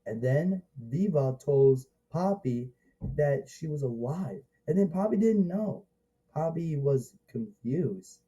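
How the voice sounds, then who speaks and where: A man giving a casual, rambling spoken movie review, halting and restarting often and breaking into excited exclamations. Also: on the high side, low-quality recording.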